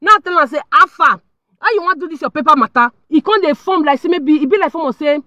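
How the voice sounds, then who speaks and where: A woman's voice: high voice, sing-song, fast talker, sharp tone, no room sound. A young adult woman with a Nigerian accent, telling a personal story to her viewers in a dramatic, emphatic way and speaking to them directly. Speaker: vlogger.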